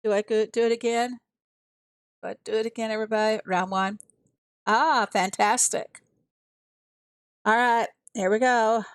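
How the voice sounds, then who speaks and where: An American woman offers casual commentary while live-streaming a mobile farming game, reading chat aloud and talking to herself about each move in a chatty way. Her slightly high voice holds a steady tone at a moderate pace, broken by frequent pauses, and the recording is dry.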